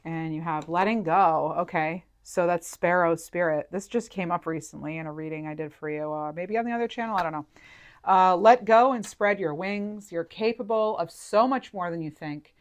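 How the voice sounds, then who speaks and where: A woman with a low voice reads tarot cards for her viewers in a loose, chatty way. She thinks aloud, circles back with fillers, and lets her feelings show. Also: moderate pace. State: near tears at moments. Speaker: tarot reader. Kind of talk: intuitive tarot reading to camera.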